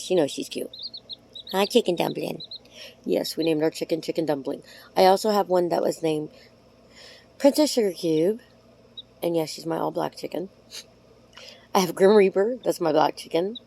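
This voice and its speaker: A woman talking straight to camera in a loose, rambling vlog. Her voice sits a little low, and she is chatty and affectionate. She is frank and swears offhandedly. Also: gravelly, dark tone, a little hiss or hum. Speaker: vlogger. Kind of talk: casual talk to camera.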